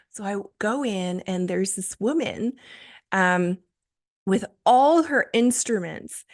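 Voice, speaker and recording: A woman hosts a solo podcast and tells a personal story. She sounds chatty and enthusiastic, with plenty of casual fillers. Her voice sits at a middle pitch. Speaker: podcast host.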